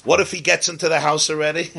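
Brief: male rabbi, bright and lively storyteller, mixes in Hebrew and Yiddish words. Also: on the high side, fast talker, gravelly, breathy edge. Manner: animated storyteller, sprinkles Hebrew and Yiddish terms. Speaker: rabbi teaching. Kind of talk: storytelling sermon.

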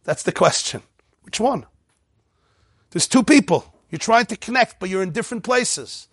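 Male Torah teacher, high-pitched and animated, dry close sound, acts out little dialogues. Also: moderate pace, pauses often, breathy edge, no room sound. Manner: mixes Hebrew text readings with English explanation. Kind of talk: lively Torah class lecture.

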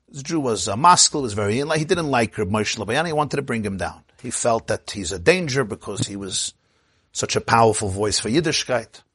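A man, a rabbi, telling a story in a sermon, animated and acting out the quotes, swinging from quiet murmurs to exclamations. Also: mid-range voice, breathy edge, no room sound, studio quality.

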